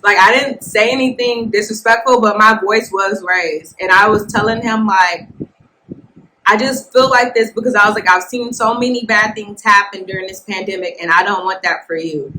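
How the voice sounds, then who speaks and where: A woman hosting a casual podcast, telling a work story in a blunt, animated way and talking straight to her listeners. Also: medium pitch, normal speed, slight background noise, low-quality recording. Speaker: nurse podcast host. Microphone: podcast mic, filmed for video.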